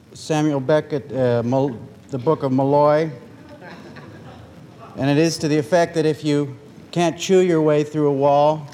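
A man giving a poetry reading, introducing his poem with a few fillers, then chanting its lines in a steady rhythmic incantation. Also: fairly high pitch, in a large hall, a little hiss or hum. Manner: rambling spoken introduction with fillers. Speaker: poet.

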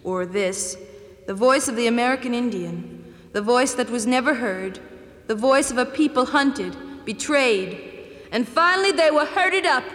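A woman speaking and then singing a slow, mournful narration in a drama. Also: very high-pitched, bright, forceful tone. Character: woman voicing a people's unheard history. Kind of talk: sung narration. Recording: long reverb with faint music.

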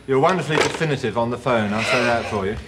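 A man's voice: mid-range voice, quick pace, heavy background noise. A man in an improvised comic phone sketch, dry, teasing and mock-innocent. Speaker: comedy performer.

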